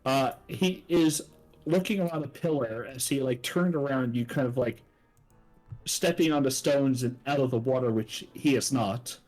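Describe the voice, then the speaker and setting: A man's voice: mid-range voice, a little mellow, faint music behind, rough recording. Guy running a tabletop game, laid-back narration, lots of uh and like. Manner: casual, halting narration with many fillers. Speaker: game master.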